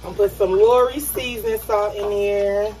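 Here a vlogger with a medium-pitched, darkish voice keeps a steady tone and moderate pace while cooking dinner in her kitchen. She's chatty and talks right to her viewers, calling them "y'all" repeatedly in this casual cooking video.

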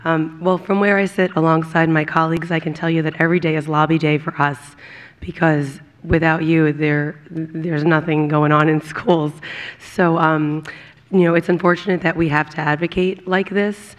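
A woman on a school board with a raspy voice, giving brief, halting remarks with many fillers at a public meeting. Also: low-pitched, flat delivery.

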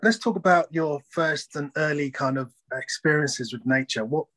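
A man's voice: a little high, moderate pace, a bit bright, no echo. Hesitant man hosting an interview. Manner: hesitant, filler-heavy questioning. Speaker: webinar host. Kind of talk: interview questions and chat. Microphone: video call.

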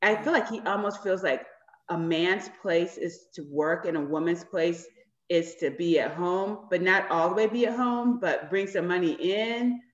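A woman chatting casually about an episode, telling animated stories and acting out what people said. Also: lowish voice, normal speed, roomy sound, dull audio. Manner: animated storyteller who acts out quoted dialogue. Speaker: cast member discussing an episode. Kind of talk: casual chat.

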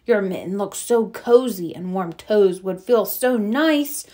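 A woman voicing a cold fox in a storybook read-aloud, pleading loudly to be let in. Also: mid-range voice, animated, measured pace, close to an everyday voice. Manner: loud, pleading. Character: cold fox begging to come in.

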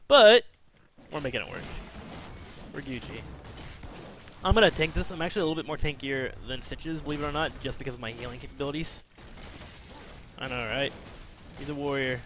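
A man talks through his own match in casual gameplay commentary, his voice sitting a bit high for a man. He is chatty and self-mocking, swinging from excited bursts to muttered asides. A faint hum sits under the recording. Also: a little fast, long pauses. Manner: chatty, self-mocking, jumps between excited outbursts and mumbling. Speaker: game commentator.

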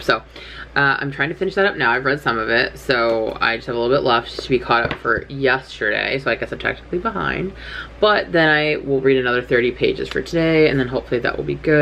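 A woman's voice: a bass voice, a bit bright, a little hiss or hum. A young woman chatting casually to camera in her bedroom, rambling and poking fun at herself. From California. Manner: rambling, chatty, self-deprecating. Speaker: writing vlogger. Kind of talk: casual vlog chat. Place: bedroom at home, in doors.

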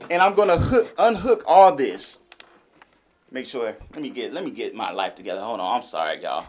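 A man casually demonstrating and reviewing a small audio mixer for his viewers, chatty and relaxed. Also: mid-range voice, moderate pace, long pauses. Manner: laid-back, chatty, addresses viewers as y'all and man. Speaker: gear reviewer. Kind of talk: casual product demo vlog.

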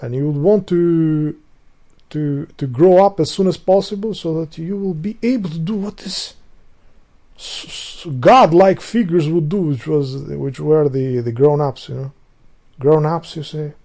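Speaking a little slowly in a mellow, slightly high voice, this rambling Albanian man, a native Albanian speaker, delivers a casual vlogger monologue. It's profane, and he keeps losing his place and beginning sentences again.

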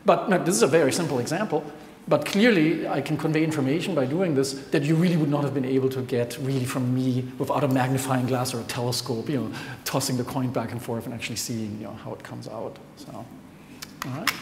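A man's voice: medium pitch, steady tone, quick pace. A chatty man speaks to a live audience from a lecture hall, often laughing and counting aloud as he explains. His voice rings through the room's long reverb, with a faint hiss underneath. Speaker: scientist presenter. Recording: echoey hall with faint noise.

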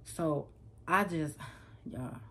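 A woman vlogger tells a story casually to her camera, animated and emphatic, often repeating herself and speaking directly to her viewers. Her voice is low and breathy-edged, with drawn-out words.

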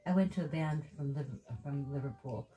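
Japanese woman, non-native English, low mellow voice, playful teasing chat. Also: normal speed, low-quality recording. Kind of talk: casual chat.

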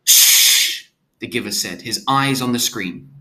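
A man's voice: mid-range voice, moderate pace, pushed and bright. A man reading a novel aloud, stopping to restate hard words in simpler terms.

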